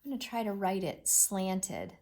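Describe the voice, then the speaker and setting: A woman teacher giving an expressive, encouraging read-aloud reading lesson with lots of emphasis. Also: mid-range voice, normal speed.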